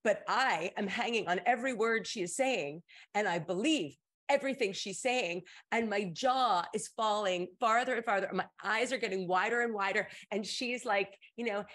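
Animated woman telling a story. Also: moderate pace. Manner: animated, jumps into high voices for quoted people. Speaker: advice stream host, voice actor. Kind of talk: casual storytelling chat.

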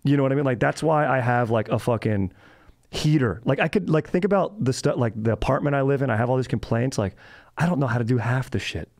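Gravelly casual podcast host. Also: male voice, medium pitch, fast talker, a little mellow, dry recording, clean studio sound. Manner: rambling, swears casually, many fillers. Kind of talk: casual comedic chat.

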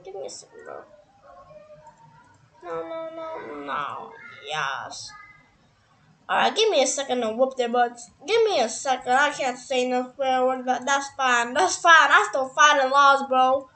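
A young gamer giving casual gameplay commentary, hoarse from screaming and talking in an excitable, dramatic, complaining way. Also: high-pitched, normal speed, few pauses, slight background noise.

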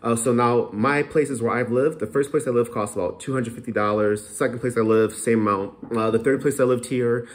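A man's voice: mid-range voice, fairly even intonation, fairly quick, hardly any pauses. A man talking frankly in a casual, unscripted vlog, rambling with lots of ums and uhs. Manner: frank, chatty, rambling with many fillers. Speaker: vlogger.

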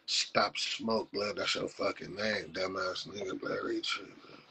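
A man hosts a live stream in a deep, very raspy voice. He talks forcefully, with sharp edges, roasting his viewers with profanity and frequent laughs. The talk is casual and loose. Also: fairly even intonation, a little slow, low-quality recording. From Compton, Los Angeles.

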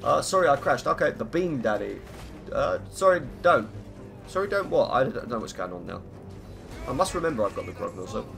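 A man with a croaky voice chatting through live gameplay commentary, greeting viewers and humming between lines. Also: mid-range voice, very animated, fairly quick, music in the background. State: hoarse, croaky voice. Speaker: game streamer. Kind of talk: live gameplay commentary, reading chat aloud.

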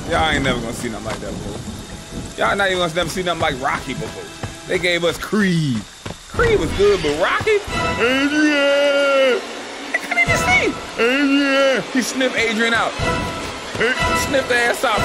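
A man's voice: mid-range voice, rough recording. A man hosting a live gaming stream, ranting and trash-talking his viewers in a profane, casual way over game music. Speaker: gaming livestream host.

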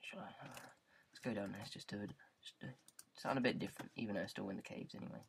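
A man's voice: lowish voice, fast, creaky, a little hiss or hum. A man with a British accent giving casual, rambling gameplay commentary into a headset mic, goofing around and repeating words in silly riffs. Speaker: gaming YouTuber.

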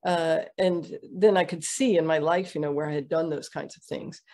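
Middle-aged female guest, gravelly low voice, rambling conversational storytelling with fillers. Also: fairly even intonation, dark tone. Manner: halting, many fillers and restarts. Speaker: interview guest, Ayurvedic practitioner.

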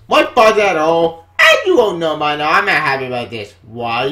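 Man, exasperated vlog rant, fairly high voice, very animated pitch. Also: moderate pace, few pauses. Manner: frustrated, exasperated ranting; swings between mumbling and high outbursts. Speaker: comic book vlogger. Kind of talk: ranting vlog.

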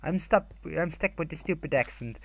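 A man's voice: fairly high pitch, animated, normal speed. Young man giggling through game commentary. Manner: reads villager signs aloud in mock voices, giggly. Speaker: gamer.

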